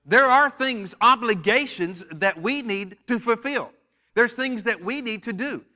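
A man's voice: extremely high pitch, lively intonation, a little slow, bright, forceful tone. An American man preaching a sermon in church, leading call-and-response with the congregation and joking with its members. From United States. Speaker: pastor.

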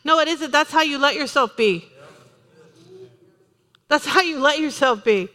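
A woman pastor preaching a lively sermon, joking and emphatic, with chatty asides to the congregation. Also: high voice, measured pace, in a large hall. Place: church sanctuary.

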